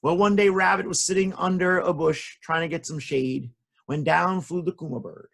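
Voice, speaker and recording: A man telling folktales to children in a lively, animated way, adding sound effects. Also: a little high, moderate pace, vocal fry. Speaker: storyteller.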